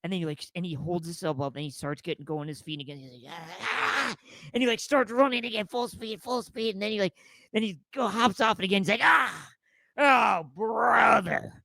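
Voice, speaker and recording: A man's voice: high voice, quick pace, dry recording. A man co-hosting a podcast, telling a funny story in casual chat, laughing often and acting out bits of it. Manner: animated storytelling with frequent laughter and acted-out quotes. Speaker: podcast co-host.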